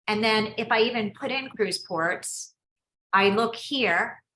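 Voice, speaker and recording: A woman coaching on a video call, talking quickly and chattily, often breaking off and restarting to encourage the people she is coaching. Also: fairly high pitch, a bit bright, roomy sound, a little hiss or hum, rough recording. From United States. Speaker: business coach hosting a mastermind call.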